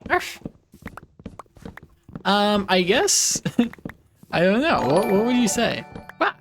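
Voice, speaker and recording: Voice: medium pitch, animated, slow, music in the background. Giggly, playful young streamer. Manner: giggly, playful, rambling with many restarts. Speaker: live streamer. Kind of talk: casual live-stream chat while playing.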